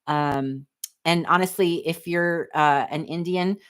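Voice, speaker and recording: A woman's voice: low-pitched, fairly even intonation, slow, clear, resonant tone. A woman, hosting a casual livestream, candid and snarky as she reads chat comments aloud. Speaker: livestream host reading chat.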